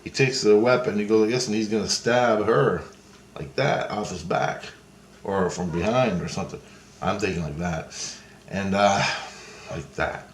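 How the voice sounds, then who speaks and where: A man's voice: fairly low pitch, normal speed, slight background noise. A man casually recounting a dream in a rambling, profane way, with many restarts. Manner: rambling, profane, restarts and hand-gesture talk. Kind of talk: casual spoken storytelling. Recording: roomy echo, faint ambience.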